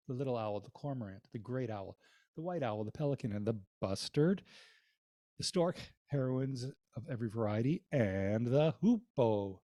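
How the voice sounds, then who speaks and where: A cantor teaching an introductory class in a casual way, with many ums and uhs and wry asides. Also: male voice, mid-range voice, warm tone, dry recording. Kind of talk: recorded lecture with slides.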